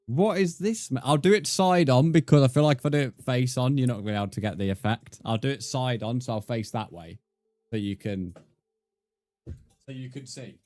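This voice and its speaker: A man's voice: mid-range voice, fairly quick, a little mellow, no room sound. A man, chatting casually with viewers while he plays a game on a livestream and calling them mate. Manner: laid-back, chatty, calls viewers mate. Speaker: game streamer.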